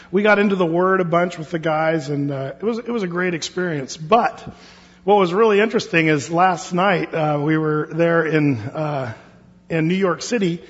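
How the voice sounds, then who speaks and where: A pastor from Oregon leading a Bible study in a church hall, talking casually with many fillers and restarts. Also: male voice, on the high side. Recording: dull lo-fi sound with long hall reverb.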